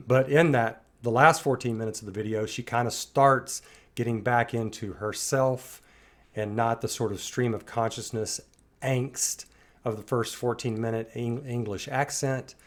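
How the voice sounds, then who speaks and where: A middle-aged man talks through his thoughts in a reflective commentary, musing and circling back as he goes. His voice sits at an ordinary middle pitch for a man. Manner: thoughtful, musing, loosely rambling. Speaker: reaction commentator.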